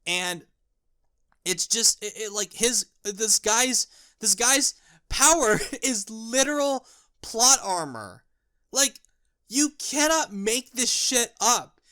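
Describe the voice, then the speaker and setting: Bright-voiced, profane film ranter. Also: mid-range voice, expressive, slow. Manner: exasperated, profane, ranting; repeats words and restarts when worked up. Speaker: film reviewer. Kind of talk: ranting film review.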